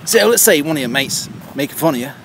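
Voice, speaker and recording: A man's voice: a little high, lively intonation, fast talker, gravelly. A man playing a rambling, preachy vegan kids TV host who talks down to children and repeats his words, with music underneath. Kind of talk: comedic kids-show parody.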